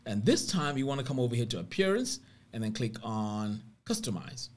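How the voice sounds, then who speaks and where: A man's voice: medium pitch, very animated, a little fast. A man narrating a screen-recorded web design tutorial step by step, upbeat about what the features do.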